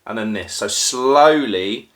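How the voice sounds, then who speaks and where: Slow and lowish, with lively intonation, this Norfolk man's voice comes through over a noisy background on a phone. He hosts craft beer videos and chats casually while crouched at home making a drink, rambling, mocking himself and using many filler ums.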